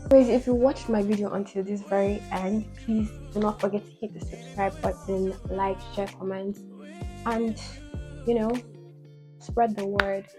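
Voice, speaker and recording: A woman's voice: mid-range voice, steady tone, moderate pace, warm tone, soft background music, low-quality recording. A woman beauty vlogger chatting casually while doing her makeup, rambling with lots of "like" fillers and playful asides.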